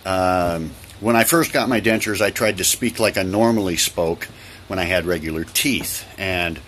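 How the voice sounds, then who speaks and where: Chatty man, lowish voice, rain behind. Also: normal speed, fairly bright tone. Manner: chatty and repetitive, many ums. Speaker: vlogger. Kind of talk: casual talk to camera. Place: indoors by an open door, rain outside. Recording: light rain noise behind.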